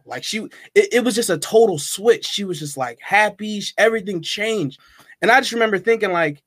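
A man guest on a podcast, telling a story in a chatty, animated way with lots of fillers. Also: high-pitched, moderate pace, dry recording, studio quality. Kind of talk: casual storytelling.

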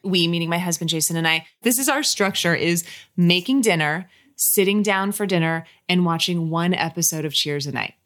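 A fairly low-pitched woman with a fairly bright tone speaks at a moderate pace into a podcast microphone. She's an actress appearing as an interview guest, chatting casually and gushing, with lots of fillers and frequent restarts.

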